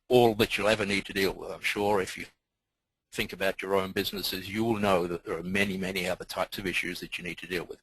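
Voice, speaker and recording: Southern alabama guy, deep husky voice, walks through tech stuff step by step, dry sound. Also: fairly bright tone, dry recording, rough recording. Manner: methodical, explanatory. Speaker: technical presenter. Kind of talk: webinar presentation.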